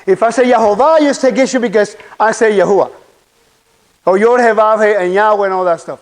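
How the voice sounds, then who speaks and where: A man's voice: high voice, a little fast, low-quality recording. A man giving a conference sermon, preaching animatedly and putting rhetorical questions to the audience. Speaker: conference speaker. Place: conference hall.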